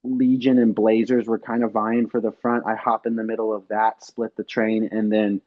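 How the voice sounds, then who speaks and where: A man telling race stories in a casual interview, animated, acting out what others said. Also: lowish voice, normal speed, phone-quality sound. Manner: animated storyteller, acts out quotes loudly. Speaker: pro bike racer guest.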